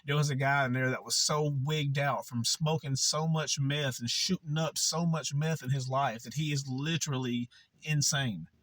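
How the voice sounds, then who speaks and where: A man's voice: mid-range voice, fairly even intonation, normal speed, fairly bright tone, no echo. A young man vlogging, telling a candid personal story in a blunt, profane, conversational way.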